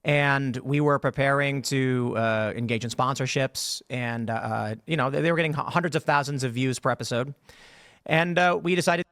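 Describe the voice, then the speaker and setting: Man, mid pitch, hesitant explainer with restarts, dry recording. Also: fairly bright tone, clear, resonant tone, dry recording. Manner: halting, many fillers and restarts. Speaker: podcaster being interviewed. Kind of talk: explanatory statement in a played clip.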